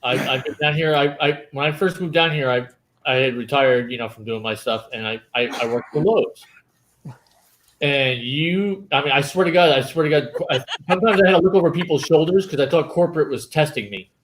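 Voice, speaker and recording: A man telling funny stories in casual chat, sarcastic and animated, swearing casually. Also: a little high, a little fast, low-quality recording. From Irish. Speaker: guest.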